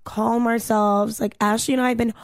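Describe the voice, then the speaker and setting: A young woman in her twenties telling a story on a casual podcast, animated and fast, full of "like" and swearing. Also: a little high, dry recording.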